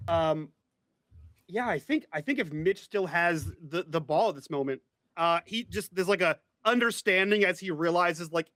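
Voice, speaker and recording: A man playing a tabletop game, hesitant and halting with lots of fillers. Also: high-pitched, fairly bright tone, no echo. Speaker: player. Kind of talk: casual tabletop role-play.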